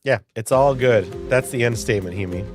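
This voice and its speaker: A man in his forties riffs casually on a live stream and jokes with the chat. He has a mid-range voice, and clear music plays in the background. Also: mid-range voice, a little fast. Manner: chatty, playful, reacts to viewer comments. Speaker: livestream host.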